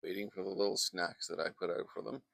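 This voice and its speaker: Man, painting instructor, low gravelly voice, chatty and digressive, close dry mic outdoors. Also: steady tone, quick pace, a bit bright, no echo. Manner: chatty, wandering off into asides. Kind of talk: casual painting demonstration. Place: outdoors in a backyard. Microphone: close microphone.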